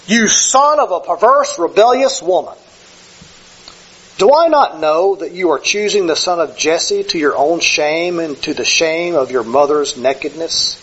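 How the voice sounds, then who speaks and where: Male preacher, high husky voice, chatty sermon delivery with self-corrections, dull lo-fi sound. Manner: conversational, self-correcting, acts out quoted speech. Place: church sanctuary with slides.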